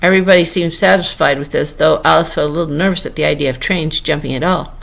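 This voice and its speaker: A woman narrating a classic storybook aloud as an audiobook, in an expressive, unhurried manner. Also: low-pitched, gravelly. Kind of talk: audiobook reading.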